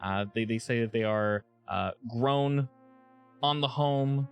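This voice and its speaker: A man's voice: mid-range voice, slow, clear, resonant tone, lo-fi sound, faint music behind. A man acting as game master, narrating the scene with many fillers. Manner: lively, filler-heavy narration.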